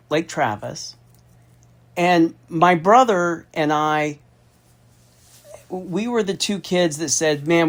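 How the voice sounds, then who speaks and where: A middle-aged man from Austin with a slightly high-pitched voice talks through a long personal story. He is candid and emphatic and swears often, speaking to someone on a phone call. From Austin, Texas. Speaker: federal contracting consultant.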